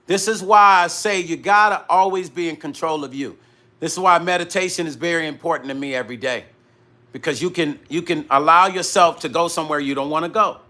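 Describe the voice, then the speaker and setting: High, bright-voiced man telling a story. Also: fairly quick. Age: middle-aged. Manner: animated retelling that acts out dialogue, with frequent profanity. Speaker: musician hosting his own live vlog. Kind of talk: casual live-stream storytelling.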